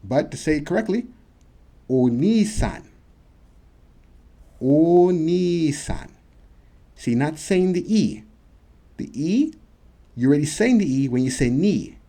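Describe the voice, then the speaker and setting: A man hosting a casual video lesson, slowly drawing out words as he demonstrates them. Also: fairly high pitch, sing-song, warm tone, breathy edge. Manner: slow, drawn-out demonstration of words. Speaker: language teacher and channel host. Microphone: camera mic.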